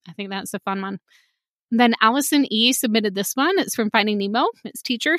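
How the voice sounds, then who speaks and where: A woman's voice: a little high, brisk, fairly bright tone, no echo. Chatty woman podcast host, dry close sound. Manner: chatty, upbeat, sings short jingles and chants. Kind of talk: casual podcast talk.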